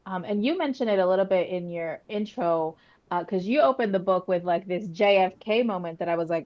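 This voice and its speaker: Woman, webinar host, lowish voice, conversational, filler-heavy, muffled call audio. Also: a little fast. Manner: warm, conversational, many fillers like "um" and "like". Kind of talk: interview host asking questions.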